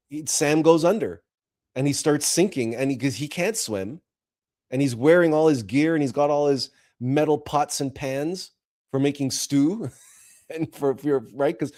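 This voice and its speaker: A man's voice: mid-range voice, mellow. A man hosting a spiritual talk show, speaking in an earnest, emotional monologue with frequent repeats and restarts. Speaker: host.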